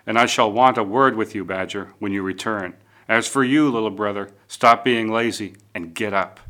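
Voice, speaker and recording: A man's voice: on the low side, normal speed, bright, forceful tone. A man voicing a great, stern male chief in a storybook legend, speaking with thundering command.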